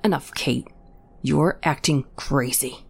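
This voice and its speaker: A woman voicing an angry, hurt young man who argues with his sister, talking slowly and tensely. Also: rumbling low, creaky, slightly rough, exaggerated voice. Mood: exasperated.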